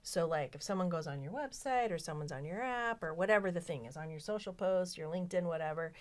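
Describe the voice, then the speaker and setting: A woman hosting a casual book club chat on a podcast, talking in an animated way. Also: lowish voice, fast. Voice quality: animated, mimics voices when quoting others. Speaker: podcast host.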